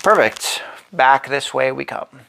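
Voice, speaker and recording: A man's voice: mid-range voice, gravelly, pushed and bright. A man hosting a board game channel, talking himself through a solo playthrough as he places pieces. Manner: slow, thinking aloud while placing pieces.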